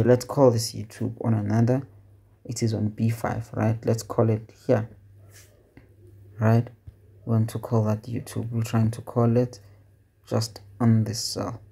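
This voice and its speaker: Guy walking through excel formulas, low gravelly husky voice, thinks out loud as he goes. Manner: conversational, asks questions and answers them himself; thinks aloud with fillers and self-corrections. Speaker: Excel tutor. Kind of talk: casual screen-recorded tutorial.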